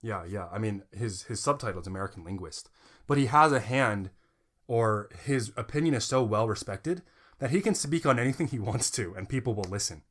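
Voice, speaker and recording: A man's voice: fairly low pitch, lively intonation, brisk, fairly bright tone. A man co-hosting a podcast in casual chat, joking with his co-host and reading passages aloud.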